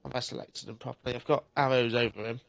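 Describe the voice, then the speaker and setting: A man's voice: mid-range voice, steady tone, fast talker, creaky. Easygoing man playing a tabletop game. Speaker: player.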